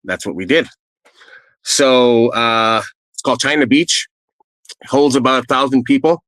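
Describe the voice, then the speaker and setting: A man's voice: mid-range voice, unhurried, a bit bright, no room sound, poor audio. Earnest man, dry close sound. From Canada. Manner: earnest, rambling anecdotes with fillers. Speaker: storyteller guest. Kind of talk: casual first-person storytelling.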